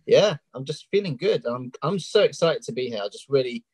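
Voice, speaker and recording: A man's voice: medium pitch, expressive, a little fast, breathy edge, dry recording, low-quality recording. Candid English man with a London accent. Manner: open and candid, with many ums. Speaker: coaching client guest. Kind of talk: casual interview on a live stream.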